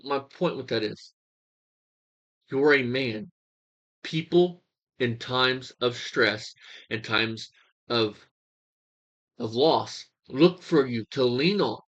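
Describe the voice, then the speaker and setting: A man's voice: medium pitch, slow pace, long pauses, fairly bright tone, lo-fi sound. A young man giving a heated, crude reaction commentary, swearing and mocking as he talks.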